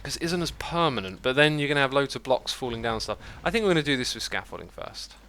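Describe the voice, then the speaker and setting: A man's voice: mid-range voice, big pitch swings, quick pace, bright, forceful tone. A man hosting a livestream, chatting casually and thinking aloud while he builds, reading out viewer messages as he goes. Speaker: livestream host. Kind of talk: casual chat while playing a building game.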